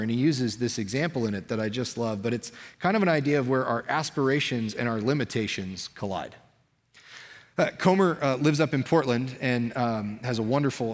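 Male pastor, mid-pitched, conversational and fired-up sermon delivery, hall reverb. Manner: energetic, conversational preaching with frequent restarts.

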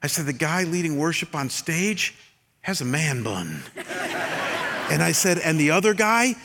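Animated older pastor in a big hall. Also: male voice, fairly high pitch, a little slow, noisy background. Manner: storytelling, self-deprecating humor, animated swings in loudness. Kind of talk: sermon. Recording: long hall reverb.

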